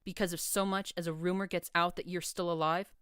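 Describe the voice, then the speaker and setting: A woman's voice: on the low side, little pitch movement, brisk, a bit bright, smooth, dry recording, studio quality, lightly acted. A woman reading a furious, proud pegasus mare soldier in an audiobook, with a harsh, accusing manner. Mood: cold.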